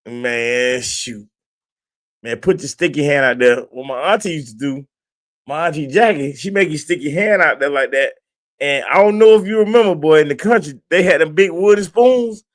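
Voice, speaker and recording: A man's voice: fairly high pitch, moderate pace. A man co-hosting a podcast who laughs along and tells his own childhood memories in casual slang. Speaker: podcast co-host. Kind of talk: casual chat.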